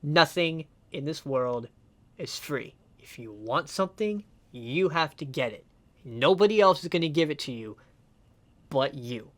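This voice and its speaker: A man's voice: on the high side, lively intonation, a little slow. Young man, music reactor, casual commentary, passionate, profane, rambling, emotional. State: emotional, near tears.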